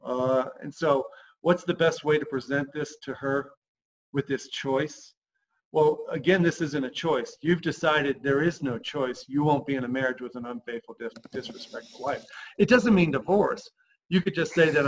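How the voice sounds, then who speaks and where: A man coaching husbands on a podcast, emphatic and lively, acting out the lines he quotes. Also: on the high side, moderate pace, a little hiss or hum, poor audio. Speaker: relationship coach.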